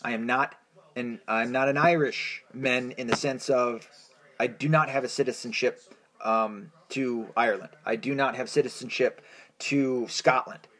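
A man's voice: medium pitch, a little slow, fairly bright tone. An American man hosting his own podcast, talking alone in a rambling, profane monologue full of restarts and fillers. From United States. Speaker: podcast host.

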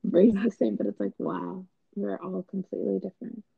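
Woman guest with a strongly gravelly voice on a dull lo-fi recording; easygoing, agreeable chat. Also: medium pitch, fairly even intonation, moderate pace, no room sound. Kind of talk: casual chat.

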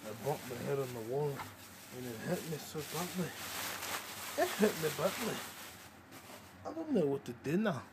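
A man's voice: lowish voice, fast, few pauses, natural voice. A man putting on a bumbling fake-Scottish voice, whining in a complaining tone. Plenty of background hiss sits under the voice. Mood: whiny. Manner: whiny, complaining about a bumped head. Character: adult man in a shaky mock Scottish accent.

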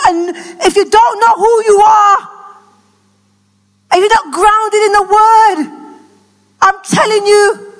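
A woman preaching a passionate sermon that rises to shouts, recorded in an echoey church hall. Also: very high voice.

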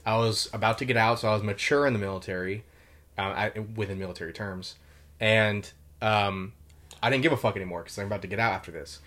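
Young man telling army stories, low voice. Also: a bit bright. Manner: swears a lot, rambling storytelling with many fillers. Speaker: podcast guest, former Marine. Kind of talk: casual podcast chat.

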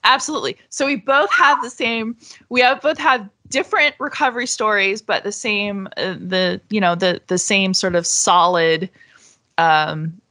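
Bright-voiced woman from Florida, chatty podcast guest who rambles with fillers. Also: medium pitch, normal speed. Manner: chatty, many fillers and restarts. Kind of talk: casual chat.

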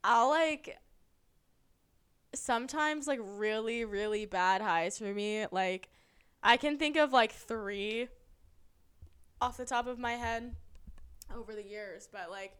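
Animated young woman, slightly high voice. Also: slow, pauses often, clear, resonant tone. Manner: animated, profane storytelling. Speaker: podcast co-host. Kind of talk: casual chat.

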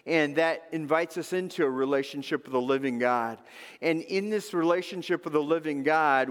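A man's voice: fairly high pitch, in a large hall. A man preaching a sermon as pastor, telling a funny story and acting out its parts with animation. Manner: animated storyteller, acts out bits.

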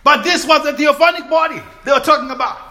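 Fast and very high-voiced, a male preacher leads a call-and-response sermon. He keeps prompting listeners for agreement, punctuated by shouting and laughter.

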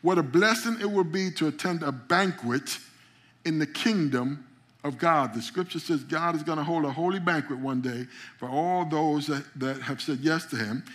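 A man preaching a sermon with a somewhat higher-pitched voice. He builds to emphatic, rising peaks and calls out to his congregation. He often trips over repeated words as he goes. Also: normal speed, fairly bright tone. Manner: frequent stammered repeats. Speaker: pastor.

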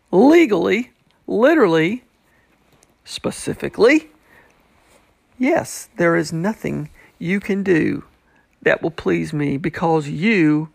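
A man's voice: fairly high pitch, creaky, dry recording. A man teaching a Bible passage who acts out the people's questions in a mocking tone. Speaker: preacher.

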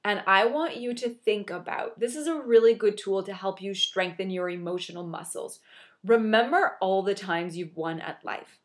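A woman's voice: medium pitch, normal speed. Young woman talking straight to camera, earnest pep talk, repeats stuff for emphasis. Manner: earnest, encouraging, repetitive emphasis. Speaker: motivational speaker. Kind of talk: motivational monologue.

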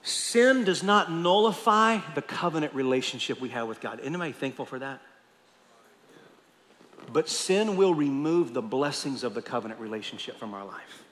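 A man's voice: mid-range voice, lively intonation, moderate pace, fairly bright tone. A man preaching a sermon as pastor, emphatic, often repeating words as he presses a point home. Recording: long reverb of a large hall.

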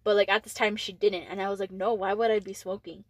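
A woman's voice: medium pitch, flat delivery, quick pace, dry recording, low-quality recording. Rambling, cursing teenage girl storyteller. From Texas. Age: late teens. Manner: rambling, heavy use of "like", frequent swearing. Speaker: podcast co-host. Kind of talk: casual storytelling chat.

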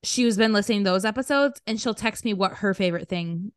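A woman's voice: mid-range voice, quick pace, no echo. Young woman cohosting a podcast, chatty and laughy, dry close mic. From upstate New York. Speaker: podcast co-host. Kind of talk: casual chat.

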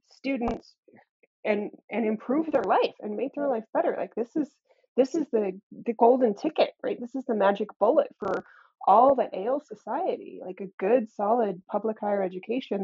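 A woman math professor speaks candidly in an interview, earnest with a wry edge and quick laughs. Her voice is a bit husky, and the recording sounds muffled and lo-fi. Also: fairly high pitch, warm tone. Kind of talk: conversational interview.

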